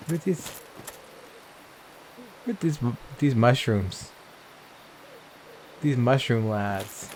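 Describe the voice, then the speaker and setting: Gamer guy, mid-pitched, loose and swearing, talks to the screen; faint background hiss. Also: darkish tone. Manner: chatty, profane, talks to game characters. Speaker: let's play gamer. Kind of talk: casual gameplay commentary.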